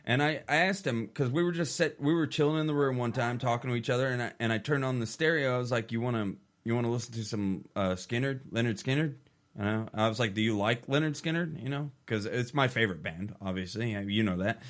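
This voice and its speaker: Young adult man, midwest-raised podcast co-host, rambling and profane, average pitch. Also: quick pace. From Oklahoma or Kansas. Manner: rambling storyteller, swears a lot, many restarts. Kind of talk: casual chat.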